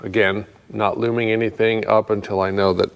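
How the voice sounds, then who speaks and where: Man, casual workshop walkthrough, dry self-mocking humor, low voice, reverberant garage. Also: little pitch movement, normal speed, creaky, clean tone. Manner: rambling, thinks aloud with fillers. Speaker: mechanic working on a customer's truck.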